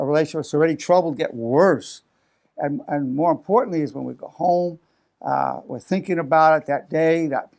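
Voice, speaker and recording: Gravelly-voiced man in his eighties. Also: fairly high pitch. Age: 80s. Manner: animated, acts out defensive quotes with raised voice; frequent restarts and repeated words. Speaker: psychologist teaching a lesson. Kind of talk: unscripted talk to camera.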